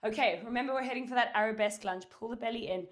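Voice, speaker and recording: A woman's voice: a little high, very fast. A woman teaching a Pilates and dumbbell workout at home, out of breath, cueing and counting reps while she exercises, recorded by a camera at a distance. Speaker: Pilates instructor. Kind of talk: workout instruction. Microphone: far camera.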